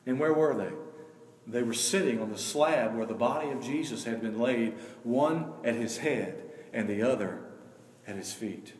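A man preaches a sermon at a mid-range pitch, his voice ringing through a roomy hall with a long, lingering tail. He moves from quiet, drawn-out lines to loud, emphatic surges and takes his time over scripture readings. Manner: swings between hushed, slow passages and loud, emphatic rises; reads scripture slowly and deliberately. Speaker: pastor. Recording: echoey hall with long reverb.

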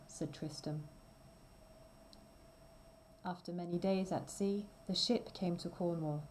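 A woman reading a simple storybook aloud slowly and clearly for language learners. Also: lowish voice, fairly even intonation, darkish tone, slight background noise, poor audio. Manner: careful, deliberate reading. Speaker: reader.

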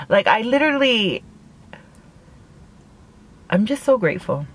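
Chatty woman vlogger, low-ish voice, phone-recorded in a parked car, faint background noise. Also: animated, moderate pace. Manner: chatty, laughs at own jokes, full of "like". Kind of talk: casual mukbang chat.

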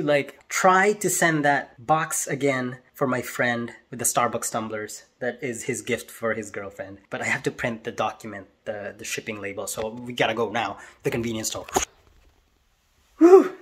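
A young man, an assistant language teacher, telling a story in a casual vlog in an animated, exasperated way. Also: mid-range voice. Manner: animated, exasperated ranting with frequent "like" and "bro".

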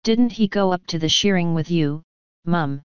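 A sharp, nervous young girl from a storybook, voiced by a woman reader, speaking quickly and earnestly. The voice stays smooth and dry. The recording has a slightly dull edge. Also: fairly low pitch, fairly even intonation, no room sound, natural voice.

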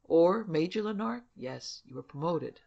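A woman voicing a big bearded former sergeant turned parson, speaking politely and deliberately. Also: fairly low pitch, animated, vocal fry, mellow, dull audio, heavily acted.

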